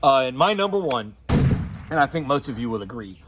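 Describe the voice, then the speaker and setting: A man's voice: medium pitch, big pitch swings, normal speed, background noise. A man with a Southern US accent co-hosting a casual movie chat, rambling and profane, laughing often. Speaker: co-host.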